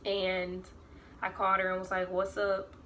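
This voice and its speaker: A woman's voice: mid-range voice, completely flat delivery, a little slow, bright, forceful tone, slight background noise. A young woman, rambling through a casual storytime vlog and full of fillers. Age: 20s. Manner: rambling, filler-heavy, acts out quoted voices. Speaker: vlogger.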